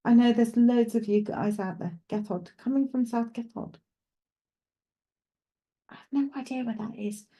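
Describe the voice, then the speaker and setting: Talking directly to the viewers of her live-streamed mediumship session, a woman psychic chats and thinks out loud, hesitating and restarting as she figures things out. Her voice is mellow and unhurried, on the high side, with a steady tone.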